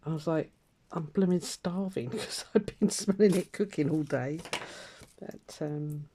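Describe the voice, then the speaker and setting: An older woman rambles through a casual catch-up as she stitches, her voice mellow and soft-edged. She drifts between topics with plenty of fillers and light laughter. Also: low voice, unhurried, a little hiss or hum. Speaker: craft vlogger. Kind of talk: casual chat while stitching.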